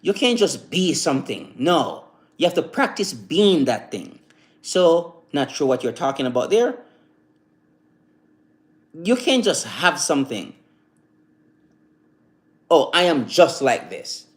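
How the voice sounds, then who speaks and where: Rambling motivational man on a live stream. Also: fairly high pitch. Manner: rambling, repetitive, with many "you know" fillers; recites slow calm affirmations. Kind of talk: casual motivational talk.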